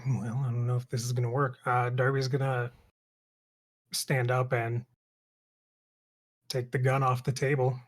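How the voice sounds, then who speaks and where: A man playing at a tabletop game, talking casually and a bit hesitantly, with a self-deprecating edge. His pitch sits at the middle for a man. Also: monotone, unhurried, pauses often. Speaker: player.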